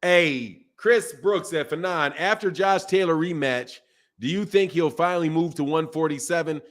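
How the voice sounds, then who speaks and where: A man's voice: on the high side, normal speed. A man hosting a boxing channel, casually chatting on a live stream and reading viewer comments, repeating phrases as he goes.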